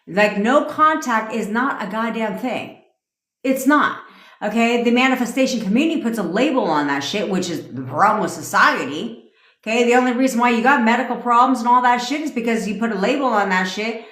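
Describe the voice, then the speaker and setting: A woman's voice: fairly high pitch, animated, fairly quick, fairly bright tone. A woman manifestation coach in a livestream rant, blunt and profane, talking in a commanding way. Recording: echoey room.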